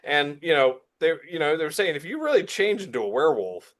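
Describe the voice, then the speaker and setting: Man, higher pitch, eager explainer, casual chat. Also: sing-song, brisk, fairly bright tone.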